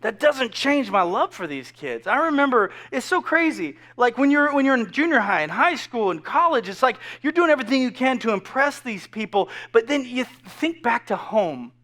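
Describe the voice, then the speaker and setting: A man's voice: very high voice, very animated, normal speed, hardly any pauses, fairly bright tone. A man in his thirties preaching a casual, joking sermon full of asides to the congregation. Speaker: pastor. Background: faint crowd.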